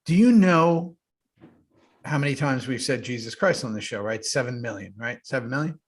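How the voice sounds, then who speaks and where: A man co-hosting a podcast, telling animated stories in casual chat and swearing freely. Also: medium pitch, normal speed, slightly rough. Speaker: podcast co-host.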